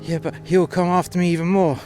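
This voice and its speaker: A man's voice: high voice, flat delivery, fast, a little mellow, soft background music, pitched above the performer's own voice, lightly acted. A man voicing a huge cowardly man who whines and pleads in panic. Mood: pleading. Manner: whiny, pleading.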